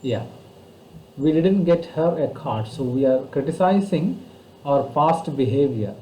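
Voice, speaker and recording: A man with an Indian English accent from Kerala, teaching grammar online over a video call, explaining slowly and patiently with many fillers. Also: a little high, lively intonation, mellow, roomy sound, slight background noise, poor audio. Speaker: English tutor.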